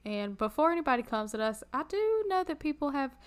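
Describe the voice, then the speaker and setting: A woman co-hosting a podcast in casual chat, chatty and quick to laugh. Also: high-pitched, big pitch swings. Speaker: podcast co-host.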